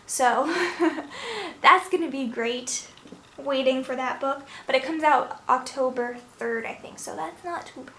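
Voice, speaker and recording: A woman's voice: fairly high pitch, a bit bright. A young woman from New York chatting casually through a book review, rambling and correcting herself with little laughs. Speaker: book vlogger. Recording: echoey room, faint noise.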